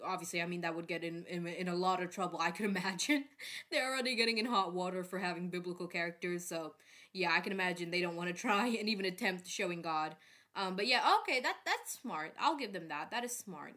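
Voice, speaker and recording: A woman's voice: lowish voice, fast talker, bright, forceful tone. A woman hosting a reaction video, chatting casually with joking asides.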